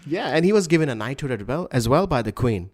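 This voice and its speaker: A man chatting casually as a podcast co-host, his voice sitting at an ordinary middle pitch. He rambles, stumbles and restarts his sentences often, laughing along as he goes. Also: big pitch swings, fast talker. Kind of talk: casual chat.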